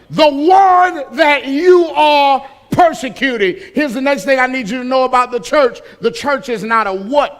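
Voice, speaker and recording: A man preaching a sermon with a strikingly high voice for a man. He drives his points with call-and-response questions and swells into shouting. His delivery is emphatic and repetitive. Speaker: pastor.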